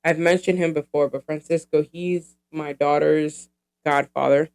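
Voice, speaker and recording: A woman's voice: low-pitched, fairly even intonation, measured pace, vocal fry, darkish tone, clean tone. A woman in her thirties hosting her own podcast, talking in a casual, rambling, profane way with lots of fillers. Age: 30s. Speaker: podcast host.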